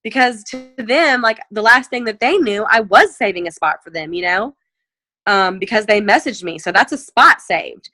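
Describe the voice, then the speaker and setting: Bright, chatty woman coaching sales. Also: moderate pace, dry recording. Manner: chatty, heavy use of "like" and "you know"; animated, jumps up in pitch when acting out messages. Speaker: direct sales team leader. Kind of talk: casual sales coaching talk. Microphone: video call mic.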